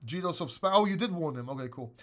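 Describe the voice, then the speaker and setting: Crypto stream host, man, slightly high voice, blunt and rambling with casual swearing. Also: animated, fast, a bit bright. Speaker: crypto channel host answering questions. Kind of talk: casual livestream Q&A.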